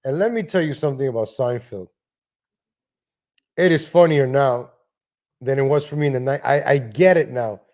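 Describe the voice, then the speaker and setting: A man's voice: mid-range voice, normal speed, long pauses, darkish tone. A man hosting a live stream, talking casually in a rambling way with many restarts and asides, into a home desk mic. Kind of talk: casual livestream rant. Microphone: home desk microphone.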